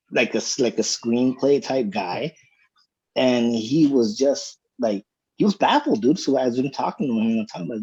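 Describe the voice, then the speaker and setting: Mellow, husky man, lo-fi podcast. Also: medium pitch. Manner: laid-back, says "dude" a lot. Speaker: podcast co-host. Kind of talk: casual storytelling chat.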